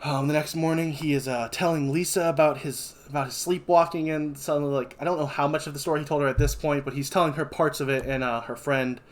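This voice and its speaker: A man's voice: fairly high pitch, fairly even intonation, brisk, hardly any pauses. A man with a Kentucky accent, a podcast co-host, retelling a film in loose casual chat with fillers and self-corrections.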